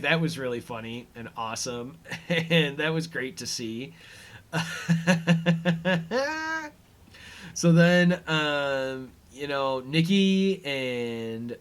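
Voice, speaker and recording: A man's voice: medium pitch, fairly bright tone. Rambling man recapping a show. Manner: rambling, filler-heavy, chuckling as he retells scenes; acts out characters' lines in quick offhand voices. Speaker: podcast host. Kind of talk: casual episode recap commentary.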